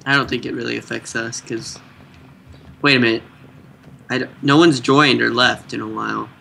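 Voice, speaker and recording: A man's voice: medium pitch, moderate pace, vocal fry, a little hiss or hum. A young man chatting casually and laughing easily while playing a game with a friend. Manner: relaxed, easily amused, hesitant fillers. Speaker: gaming YouTuber co-host. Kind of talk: casual gameplay chat.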